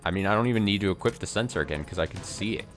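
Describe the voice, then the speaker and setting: A man's voice: deep voice, very fast, a bit bright, soft background music. A man streaming a game live, commenting to himself in an exasperated way and swearing as he plays.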